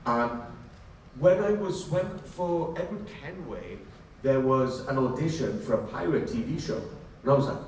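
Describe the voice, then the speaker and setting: A man telling animated, chatty stories at a convention Q&A panel, often laughing as he talks. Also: mid-range voice, measured pace. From Wales. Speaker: actor, panel guest. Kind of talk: convention Q&A storytelling. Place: large convention hall. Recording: very echoey hall, distant, faint noise.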